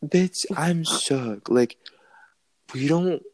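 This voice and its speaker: A teenage boy co-hosting a podcast in casual chat, dramatic and jumping into high squealing impressions. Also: extremely slow, dry recording, studio quality. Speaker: podcast co-host.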